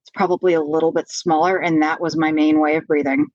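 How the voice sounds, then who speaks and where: A woman from Pennsylvania tells her own story as a podcast guest, frank and animated, filling pauses with "you know" and "like." Her voice sits on the low side. The recording is dry and a little dull, like modest home-studio audio. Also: dry recording. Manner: frank, animated retelling, many fillers. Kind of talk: candid personal storytelling.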